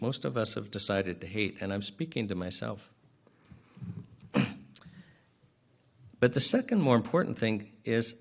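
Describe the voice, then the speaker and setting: Gravelly-voiced man clearing his throat. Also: lowish voice. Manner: clears his throat often between phrases; earnest, plain-spoken storytelling with casual asides. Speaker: speaker at a public inquiry. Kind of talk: public address retelling a parable.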